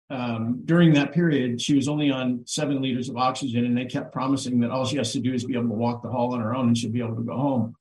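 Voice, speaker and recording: A man telling a personal story on a livestream in an earnest, halting way, with many fillers and restarts. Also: mid-range voice, a little mellow, roomy sound, rough recording. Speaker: guest on a livestream. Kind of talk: emotional personal account.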